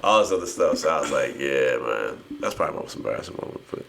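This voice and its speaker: A man's voice: very deep voice, expressive, rapid-fire, vocal fry, fairly bright tone, slight background noise. A man in his thirties from New Jersey, co-hosting a podcast and telling a story casually, laughing often and swearing freely. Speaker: podcast co-host.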